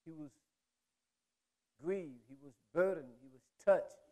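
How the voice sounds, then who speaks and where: A man preaching a sermon as pastor, in emphatic call-and-response style that builds to loud, drawn-out declarations. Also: fairly high pitch. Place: church sanctuary. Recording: long reverb of a church hall.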